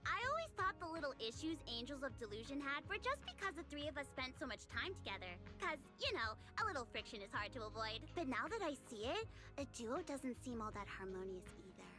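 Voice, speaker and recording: Game voice: steady young idol, high and animated, over game music. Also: female voice, quick pace. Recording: game audio under music.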